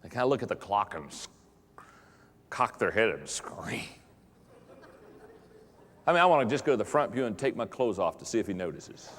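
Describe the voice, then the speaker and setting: A middle-aged leadership speaker with a lowish, sing-song voice talks to pastors at normal speed, pausing often, with a little hiss or hum on the audio. His humorous motivational talk, full of jokes and acted-out voices, echoes with the long reverb of a large hall.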